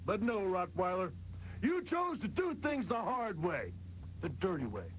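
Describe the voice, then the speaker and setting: A man cutting a cocky, mocking wrestling promo with slow, drawn-out taunts. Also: high-pitched, sing-song, lo-fi sound, a little hiss or hum.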